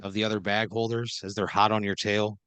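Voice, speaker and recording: A man with a somewhat low voice improvises a comic adventure story, talking loosely and piling on fillers as he goes. The sound is dry and close, like a podcast mic. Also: little pitch movement, fairly quick, a bit bright, clean tone, dry recording. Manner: loose, rambling second-person storytelling with many fillers. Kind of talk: improvised comedic narration.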